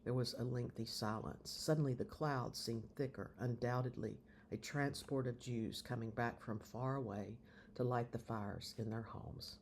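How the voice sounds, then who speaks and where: Man giving a measured audiobook reading. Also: medium pitch, fairly even intonation, a little hiss or hum. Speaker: reader of a novel.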